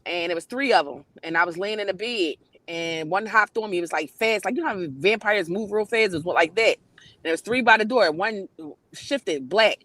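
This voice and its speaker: A woman's voice: mid-range voice, normal speed, fairly bright tone, no echo. Blunt, preachy woman on a dry mic. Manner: emphatic, preachy, blunt and profane. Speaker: guest on a spiritual talk panel. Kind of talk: casual livestream chat.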